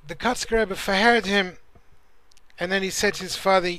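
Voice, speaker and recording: A man with a high, bright voice gives an earnest Torah class, telling stories as he teaches. He speaks in a searching way and often restarts his sentences. The recording is close and dry. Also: fairly even intonation, normal speed, no echo. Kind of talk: spoken Torah class with storytelling.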